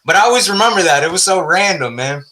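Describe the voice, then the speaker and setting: A man's voice: high-pitched, animated, quick pace, a crowd in the background. A middle-aged man hosting a podcast, chatting casually in a laid-back, profane way and telling stories. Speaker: podcast host.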